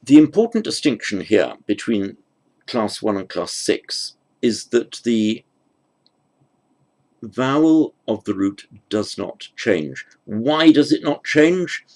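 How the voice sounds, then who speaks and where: A man's voice: mid-range voice, lively intonation, slow, darkish tone. A man giving a grammar lecture, thinking aloud with fillers and self-corrections. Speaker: teacher.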